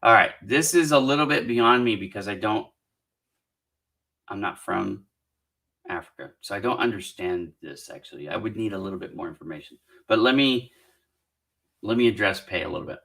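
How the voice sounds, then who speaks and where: A middle-aged man with a slightly low, gravelly voice and a bright, forceful edge to his tone. He hosts a casual live Q&A on job hunting, thinking aloud and encouraging viewers as he works through their comments. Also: lively intonation, moderate pace, long pauses. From Southern California. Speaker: career coach hosting a live Q&A.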